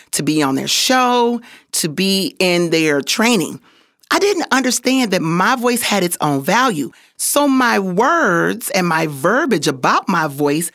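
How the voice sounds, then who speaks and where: Upbeat, encouraging female podcast host with a lively, swooping voice, recorded dry. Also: lowish voice, vocal fry, dry recording. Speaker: voiceover artist. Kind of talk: motivational podcast talk.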